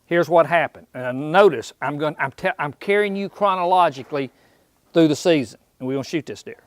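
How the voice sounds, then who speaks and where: A man's voice: a little high, fairly quick, no room sound. A man giving a folksy, jokey seminar in an indoor archery shop, quizzing the audience as he goes. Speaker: seminar speaker.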